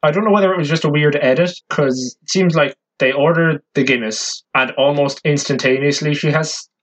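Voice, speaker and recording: Irish dude on a podcast, kinda high voice, blunt, laughs a lot. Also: male voice, a little fast, rough recording. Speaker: podcast co-host. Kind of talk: casual chat.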